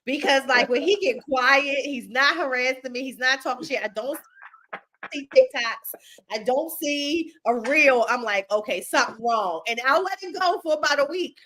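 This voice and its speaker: A woman's voice: high voice, normal speed, a bit bright, a little hiss or hum. A woman co-hosting a podcast in casual chat, blunt and teasing, laughing often. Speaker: podcast co-host.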